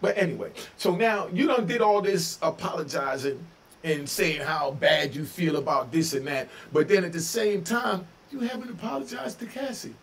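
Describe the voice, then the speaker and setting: Gravelly, higher-pitched man in his fifties, heated preachy commentator. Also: moderate pace. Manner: heated, preachy, swings from shouting to low calm. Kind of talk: emotional commentary rant.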